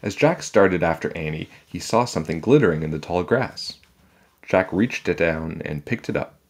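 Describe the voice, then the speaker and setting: Deep-voiced man reading a children's story. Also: expressive, normal speed, breathy edge. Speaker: children's book reader.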